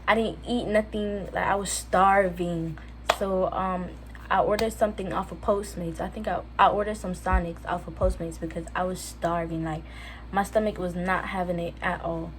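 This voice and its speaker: A teenage girl from Jamaica telling a casual storytime on her channel, chatty with lots of fillers. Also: lowish voice. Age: teens. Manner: chatty, lots of fillers, quotes others in lively voices. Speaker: vlogger. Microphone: phone camera.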